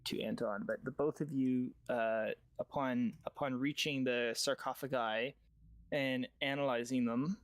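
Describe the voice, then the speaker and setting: Casual dungeon master on voice chat. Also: male voice, mid-range voice, fairly even intonation, no room sound. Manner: casual, joking, quick asides. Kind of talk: running a tabletop game over voice chat. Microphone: headset or desk mic on voice call.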